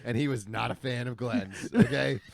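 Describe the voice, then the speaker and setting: A man's voice: medium pitch, moderate pace, creaky, a crowd in the background. A man co-hosting a casual podcast, telling stories animatedly and swearing casually. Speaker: podcast co-host. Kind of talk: casual group podcast chat.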